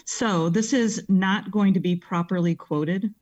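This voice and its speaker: A woman's voice: medium pitch, unhurried, darkish tone. A woman guest in a casual interview, speaking in a reflective, thoughtful way.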